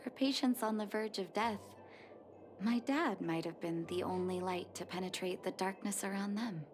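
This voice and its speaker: A woman voicing a gentle young doctor. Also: mid-range voice, normal speed, a little hiss or hum, close to an everyday voice. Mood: reflective. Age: young adult. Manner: gentle, heartfelt, softly emotional. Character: earnest young woman doctor returning home. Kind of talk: game dialogue and narration. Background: game music.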